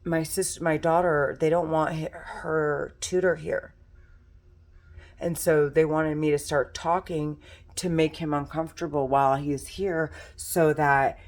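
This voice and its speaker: A woman's voice: low voice, steady tone, unhurried, darkish tone. A distressed woman giving an angry, profane, repetitive monologue to camera, recorded at home in her condo. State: distressed and agitated. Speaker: vlogger.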